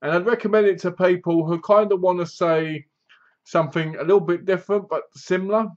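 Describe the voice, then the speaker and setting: A man's voice: sits high, steady tone, fairly quick, muffled recording. A man giving a casual, rambling spoken review of a horror film, often restarting his sentences. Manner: rambling, loose, many restarts. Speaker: movie reviewer.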